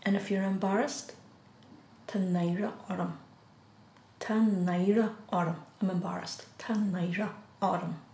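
A woman with an Irish accent teaching a beginner language lesson, saying each phrase slowly, repeating it, then giving the English. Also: mid-range voice, fairly even intonation, warm tone. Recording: echoey room.

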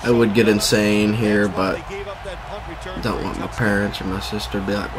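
A young man giving live gaming commentary at home, excitable, swearing and laughing as he plays. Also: on the low side, moderate pace. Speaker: gamer. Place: room at his family home. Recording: game crowd noise behind.

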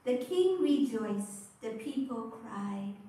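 A Zen priest, a woman, voices the Buddha's devoted young mother in a slow, lilting recited poem, softly repeating each closing line in a tender mood. Her voice is a little high with lively intonation, picked up by a distant mic in an echoey room.

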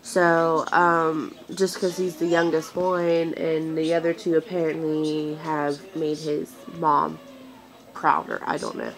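Slow-talking young woman venting, near tears. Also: sits low, flat delivery, rough recording. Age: 20s. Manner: rambling, venting, hesitant with many fillers. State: close to tears. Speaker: vlogger. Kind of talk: casual chat to camera.

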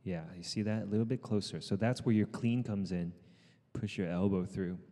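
A man's voice: lowish voice, moderate pace, long reverb tail. Man coaching a workout outdoors. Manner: shouted counting and encouragement, switching into Cantonese asides. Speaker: fitness trainer. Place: outdoors in the sun.

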